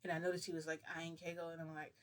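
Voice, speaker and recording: A man's voice: on the high side, completely flat delivery, very fast, a bit bright. A man casually retelling a personal story to the camera, rambling and acting out dialogue with "I'm like" and "he goes". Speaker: vlogger.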